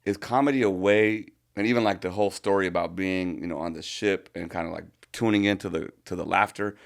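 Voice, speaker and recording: A male podcast host with a lowish voice, asking rambling questions in casual chat. He adds frequent short affirmations while others speak. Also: fairly quick, gravelly.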